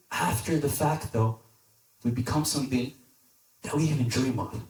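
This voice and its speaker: A man's voice: moderate pace, pauses often, darkish tone. A man, a deacon, giving a casual sermon to a youth group, telling a story and often checking in with his listeners. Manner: conversational, checks in with the audience; storytelling, drops low for emphasis. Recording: echoey hall, distant mic.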